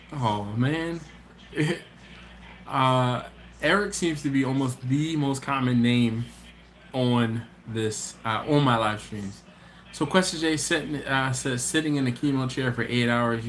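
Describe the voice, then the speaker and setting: A man's voice: mid-range voice, fairly bright tone, a little hiss or hum. A man hosting a casual live stream, reading out viewer comments in a laid-back, chatty way, often laughing and trailing off mid-sentence.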